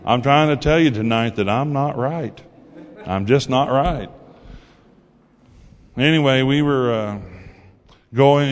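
A man preaching his own testimony in a folksy, storytelling manner. His voice sits at an everyday middle pitch. A long hall reverb trails after each phrase. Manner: folksy storytelling, acts out quotes. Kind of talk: sermon testimony.

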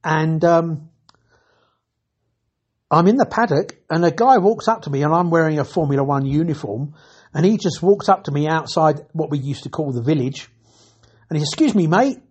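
A man's voice: a little high, moderate pace, long pauses, breathy edge. An older man telling chatty, dryly humorous stories about his years as a TV technician. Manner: chatty, self-interrupting, dry humour. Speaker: retired TV technician. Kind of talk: anecdotal storytelling.

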